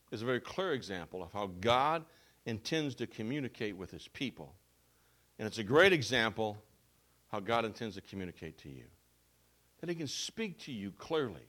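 A man preaching a sermon as a pastor. He reads scripture and explains it with emphasis, going from loud to soft. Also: mid-range voice. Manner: emphatic, with wide swings between loud and soft.

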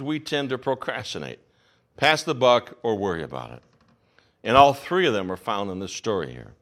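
A man in his fifties preaching a sermon, telling stories and acting out the voices of people in them. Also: mid-range voice. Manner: animated storytelling, acts out the voices of people in the story. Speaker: pastor.

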